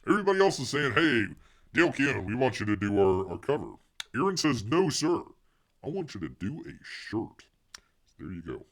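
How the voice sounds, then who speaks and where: Guy hosting a rambly livestream, calls himself bear, gravelly voice, pitch swinging all over. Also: big pitch swings, normal speed. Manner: rambling, refers to himself as Bear in the third person; talks to viewers, reads chat aloud. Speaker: livestream host. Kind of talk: casual livestream chat.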